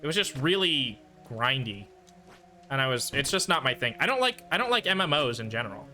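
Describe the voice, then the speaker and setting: A man's voice: mid-range voice, very animated, a little fast, bright, forceful tone, soft background music. A man streaming a game, chatting casually and muttering to himself through his frustration. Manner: frustrated, self-soothing muttering between bursts. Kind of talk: casual gaming stream commentary.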